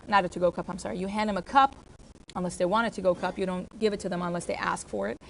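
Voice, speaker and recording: A woman's voice: on the low side, steady tone, very fast, gravelly, slight background noise. Woman explaining restaurant procedures to staff. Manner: explanatory, with fillers and self-corrections. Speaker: restaurant trainer. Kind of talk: staff training talk.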